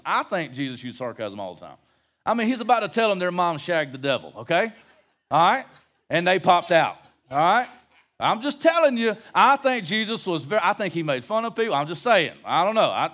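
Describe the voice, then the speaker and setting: A middle-aged male pastor with a fairly high, slightly bright voice teaches verse by verse. His expository Bible-study sermon is conversational, with jokes and rhetorical questions for the congregation.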